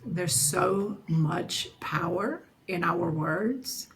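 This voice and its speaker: Slow gravelly woman, earnest. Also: lowish voice, rough recording. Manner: slow, earnest, emphatic repetition. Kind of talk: casual talk.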